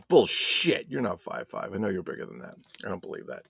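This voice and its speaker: A man's voice: sits low, sing-song, a little fast, creaky, hardly any pauses, a bit bright, breathy edge, no echo, studio quality. A man hosting a casual live stream, joking loosely, swearing and reading viewer chat aloud. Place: home streaming setup.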